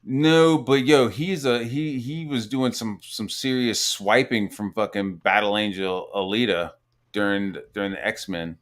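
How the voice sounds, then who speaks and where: Middle aged guy cussing nonstop, loud and lively, pops up high when he quotes people. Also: measured pace. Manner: animated, profane, swings into high quoted voices. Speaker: podcast host. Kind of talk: casual profane chat.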